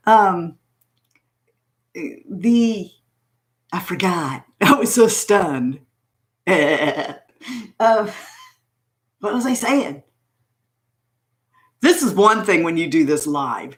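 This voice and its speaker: A woman's voice: mid-range voice, expressive, takes it slowly, long pauses. A woman host chatting casually on a livestream, telling a rambling story, laughing often and answering viewer comments as she loses her train of thought. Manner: chuckles often while talking. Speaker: beauty channel host.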